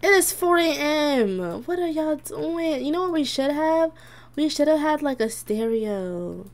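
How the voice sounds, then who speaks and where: A young woman talks through her life-sim game in a relaxed, chatty way, reacting to her characters as things happen on screen. Her voice sits a little high and swings widely in pitch. She takes her time, and she giggles a lot. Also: a little slow. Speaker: gaming YouTuber. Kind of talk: casual let's-play commentary.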